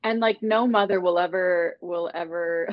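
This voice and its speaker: Low-voiced woman chatting on a call. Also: steady tone, measured pace. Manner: relatable, laughing, conversational. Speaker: participant on the call. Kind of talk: casual chat on a group call. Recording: dull lo-fi call audio.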